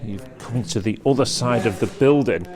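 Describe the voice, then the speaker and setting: Music plays behind a man with a mid-range voice speaking at an ordinary pace. He's giving a chatty walk-through of a large industrial workshop, pointing out the items being auctioned as he moves.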